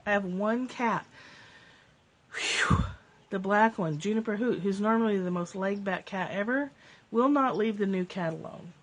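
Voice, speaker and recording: A woman's voice: medium pitch, a little slow. A woman hosting a casual livestream from home, reading spiritual passages and chatting, laughing often as her cats interrupt. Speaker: live-stream host. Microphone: phone or webcam livestream.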